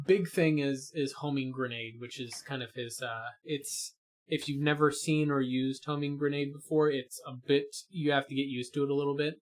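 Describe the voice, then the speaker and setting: A man co-hosting a gaming stream in casual chat, explaining character builds with many fillers and restarts. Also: medium pitch.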